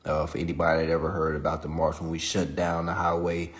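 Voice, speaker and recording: A man's voice: very deep voice, monotone, fast. A young man from South Carolina, talking in a casual, profane livestream monologue and laughing often. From South Carolina, USA. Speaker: livestream host. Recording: roomy echo.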